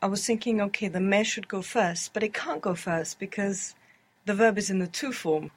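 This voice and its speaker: A woman answering as a student in a language lesson, slowly and hesitantly piecing her answers together. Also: medium pitch, breathy edge.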